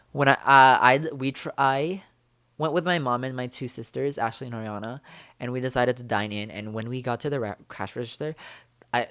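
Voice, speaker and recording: A young vlogger chats in a bubbly, rambling way, packed with fillers and excited exclamations. His voice is medium in pitch, and there's no echo.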